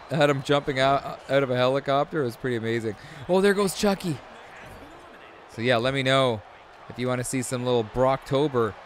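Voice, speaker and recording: A man in his thirties giving excitable, rambling commentary over a video game, full of chatty asides. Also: mid-range voice, a little hiss or hum. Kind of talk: casual gameplay commentary.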